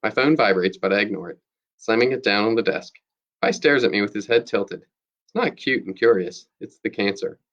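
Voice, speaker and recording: Low-voiced male teacher reading aloud. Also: lively intonation, normal speed, a bit bright, highs cut off. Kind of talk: reading a novel aloud to students.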